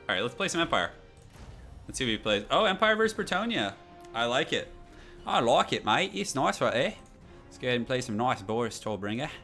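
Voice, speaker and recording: A young man with a fairly low pitch chats casually at a desk microphone during a live gaming stream. Relaxed and rambling, he reads viewer messages aloud.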